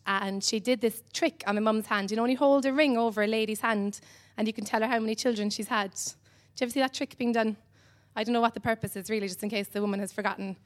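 An Irish woman from Ireland doing stand-up comedy on a club stage, rambling and dry with many pauses and "um"s. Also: fairly high pitch.

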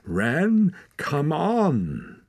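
Guy voicing a worn out boy yelling to wake his friend, raspy, lively. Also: on the high side, moderate pace, dry recording, voice pushed up, full character voice. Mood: urgent. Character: determined young boy, worn out in the snow.

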